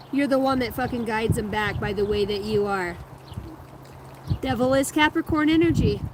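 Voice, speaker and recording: A woman in her thirties or forties reading tarot cards live, chatting loosely with viewers and swearing freely. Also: medium pitch. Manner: loose, profane, laughing, reading chat aloud. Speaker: tarot reader streaming live. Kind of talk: casual live-stream chat and card reading. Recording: loud background noise.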